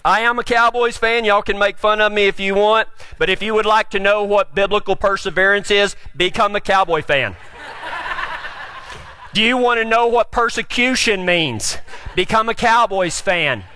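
Bright high-pitched preacher. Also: male voice, normal speed, clean tone. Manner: folksy, joking, builds to shouts. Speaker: pastor. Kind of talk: sermon.

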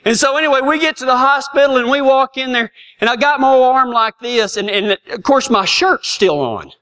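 High-voiced, folksy man. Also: lively intonation, normal speed, bright, forceful tone, smooth. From Texas. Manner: folksy, self-mocking, laughs often. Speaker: storyteller. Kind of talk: comic personal anecdote.

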